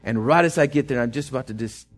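A man's voice: medium pitch, fast talker. A middle-aged man, a pastor preaching a sermon in a folksy, conversational way that swells into fervent emphasis. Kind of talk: sermon with storytelling.

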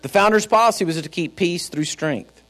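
A man's voice: high-pitched, moderate pace, a bit bright. A man with a Texan accent, preaching a sermon to his church in a folksy, emphatic storytelling manner. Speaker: pastor.

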